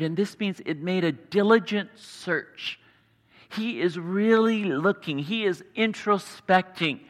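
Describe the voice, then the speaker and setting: High bright man preaching in reverberant hall. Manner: earnest, explanatory, pauses for emphasis. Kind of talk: sermon.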